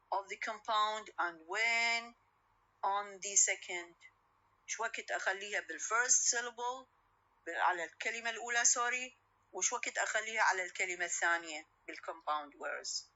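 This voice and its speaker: A woman's voice: medium pitch, pushed and bright, poor audio. A woman with an Iraqi Arabic accent giving a university lecture on English stress, mixing English and Arabic, with many hesitations and questions she answers herself. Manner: explains in English, then repeats in Arabic.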